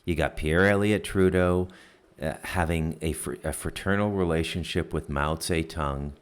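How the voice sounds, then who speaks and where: A man in his forties, hosting a solo commentary and ranting with profanity and loud outbursts, punctuating his points with "okay?". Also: low voice, moderate pace, clean tone. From Canada. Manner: repeats "okay?" to drive points home. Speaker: political commentary host.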